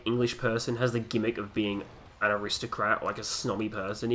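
An Australian man in his twenties talks over a wrestling game with crude jokes and loose, rambling asides. He breaks into loud, excited play-by-play calls, with faint music playing underneath. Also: medium pitch. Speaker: gaming commentator. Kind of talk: casual let's play commentary.

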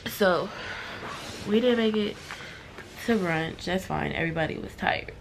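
A woman's voice: mid-range voice, measured pace, slight background noise. A woman vlogging from her hotel room, venting to her viewers in a frustrated, swearing, casual way.

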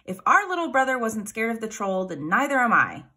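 A woman's voice: on the high side, very animated, brisk, sharp tone, pitched above the performer's own voice, heavily acted. A woman voicing the middle-sized billy goat, a brave, caring male goat who speaks earnestly. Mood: determined.

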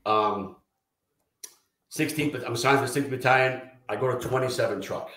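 A man telling profane, animated stories from his firefighting career in a casual interview. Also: medium pitch, moderate pace. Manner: profane, animated anecdotes with quoted dialogue. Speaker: retired fire lieutenant guest. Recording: roomy echo.

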